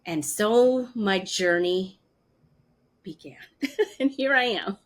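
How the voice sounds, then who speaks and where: A woman's voice: mid-range voice, slow. Woman in her fifties telling her story. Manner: animated, acts out quoted voices. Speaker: interview guest. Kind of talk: personal storytelling.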